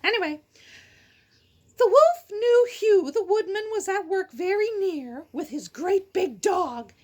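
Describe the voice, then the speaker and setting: A woman's voice: extremely high pitch, expressive, slow pace, a bit bright. A woman hosting a casual storybook read-aloud, breaking off into chatty, silly asides and giggles. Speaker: storyteller host.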